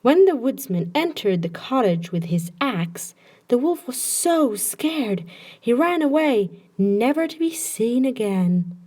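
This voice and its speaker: A woman narrating a children's bedtime story with slow, expressive storytelling. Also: a little high.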